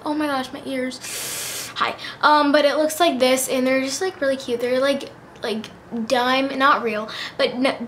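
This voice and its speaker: A woman's voice: high voice, a bit bright, slight background noise. A teenage girl chatting in a bubbly way about her favorite beauty products, full of fillers. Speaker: beauty vlogger. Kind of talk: casual chat.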